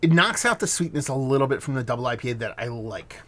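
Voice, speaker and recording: A man's voice: mid-range voice, animated, fast talker, bright, forceful tone. A man giving a casual beer review, rambling loosely, swearing now and then, and correcting himself as he goes. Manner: muses aloud, trails off and corrects himself.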